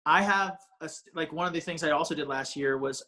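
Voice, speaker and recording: A man's voice: fairly high pitch, a little fast, bright, forceful tone. A man, a comedian guest, talking casually on a podcast in a rambling way with many restarts. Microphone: ring light setup, home video call.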